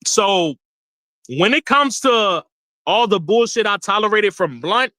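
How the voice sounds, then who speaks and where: Animated man ranting on a livestream. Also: sits high, measured pace, no room sound, studio quality. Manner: animated, laughing, swearing, repeats himself. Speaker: livestream host. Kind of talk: casual livestream rant.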